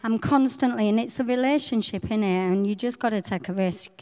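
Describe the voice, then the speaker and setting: A woman's voice: fairly high pitch, a little fast, long reverb tail. Chatty woman sharing testimony. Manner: chatty, animated storyteller with frequent laughs. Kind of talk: personal faith testimony.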